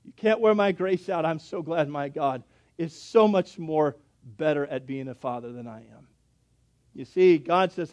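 A high-voiced man in his thirties preaches a sermon as pastor. He drops into quiet, confiding asides and then climbs into loud, emphatic preaching. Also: a little slow.

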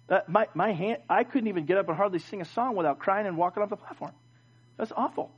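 A middle-aged man preaching a sermon as pastor, swinging from loud emphatic lines to quiet low ones. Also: fast talker, slightly rough. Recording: dull lo-fi sound.

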